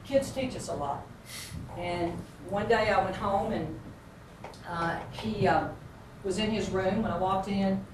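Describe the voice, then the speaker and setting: A woman's voice: mid-range voice, a little slow. Woman speaker with a drawl, echoing in a hall. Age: 50s. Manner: folksy, earnest storyteller. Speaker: basketball coach giving a speech. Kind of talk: motivational storytelling speech. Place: large hall with an audience. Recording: echoey hall, far-off mic, noisy.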